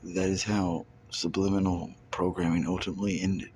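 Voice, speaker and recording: A man's voice: low voice, flat delivery, moderate pace, darkish tone, a little hiss or hum. A man in his thirties from Kentucky, talking in a rambling stream-of-consciousness monologue, swearing often and sliding into loose rhymes and wordplay. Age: 30s. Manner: profane, loose rhyming wordplay, jumping between ideas. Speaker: self-recorded monologue speaker.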